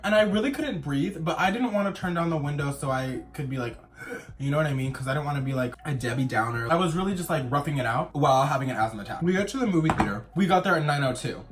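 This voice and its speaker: Sassy, animated young man telling a story. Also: a little high. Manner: sassy, dramatic, campy, shouts for emphasis. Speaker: vlogger. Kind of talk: storytime vlog.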